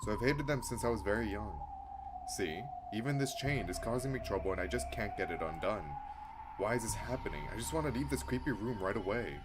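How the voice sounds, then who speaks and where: A man streaming a visual novel, reading the game text aloud and breaking into excited, chatty reactions. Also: lowish voice, brisk, heavy background noise. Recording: loud game music behind the voice. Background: loud game soundtrack.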